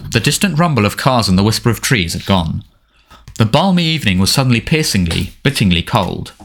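A man narrating a storybook in an expressive, dramatic reading style. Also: lowish voice, fairly quick. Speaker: audiobook narrator.

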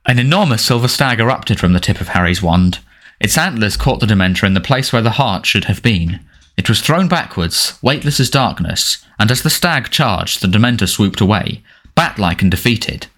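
A man's voice: lowish voice, expressive, moderate pace, fairly bright tone. A man narrating a story aloud, reading dramatically and expressively. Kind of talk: audiobook narration.

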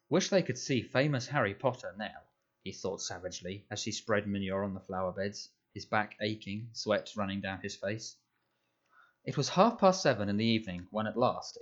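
A man narrating a children's novel in measured, scripted storytelling. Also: on the low side, highs cut off. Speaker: audiobook narrator.

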